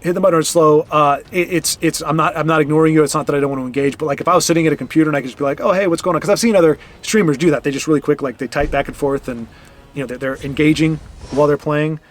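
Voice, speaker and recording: Speaking very fast in a steady tone, a man with a voice on the high side offers casual commentary while streaming a card game. He keeps things loose, answering his opponent with mock indignation as faint game music plays.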